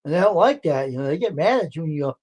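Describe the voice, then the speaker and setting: A man telling stories on a casual livestream, blunt and gruff, swearing freely. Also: on the high side, expressive, quick pace, a little mellow. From Brockton, Massachusetts. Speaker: livestream host.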